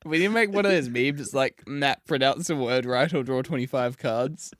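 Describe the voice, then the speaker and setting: A man's voice: medium pitch, unhurried, fairly bright tone, no room sound. Laid-back young man, dry close sound. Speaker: podcast co-host. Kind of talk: casual podcast banter and reading bios.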